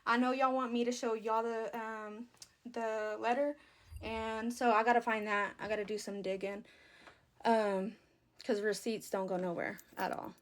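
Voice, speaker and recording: A young woman with a drawl hosts a casual livestream from her phone. Her voice sits a touch high, and her chatty talk is full of fillers and relaxed Southern phrasing as she answers viewers. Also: measured pace. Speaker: livestream host. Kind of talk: casual live stream chat.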